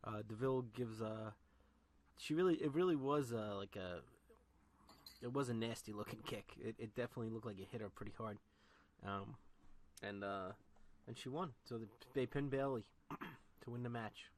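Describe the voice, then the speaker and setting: A man's voice: medium pitch, moderate pace. A man co-hosting a casual podcast, talking in a laid-back way that leans on "you know" and "like". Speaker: podcast co-host. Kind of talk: casual wrestling chat.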